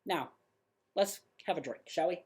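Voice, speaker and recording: A man's voice: a little high, measured pace, breathy edge. Blunt, ranting male movie podcaster. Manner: stumbles and corrects himself. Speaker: podcast host. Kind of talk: casual movie review chat.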